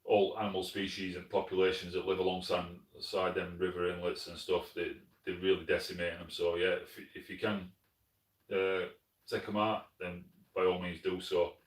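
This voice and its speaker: A hunting channel host from Sheffield, South Yorkshire, speaks in a low voice with little pitch movement at a moderate pace. He streams live from his lodge, answering viewer comments in a friendly, plain-spoken way and often calling people mate. The room is echoey and the mic sits some way off.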